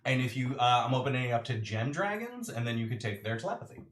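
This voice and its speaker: A man's voice: medium pitch, sing-song, fast, fairly bright tone, recorded from a distance. A man as game master explaining his homebrew rules, eagerly clarifying details. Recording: roomy echo.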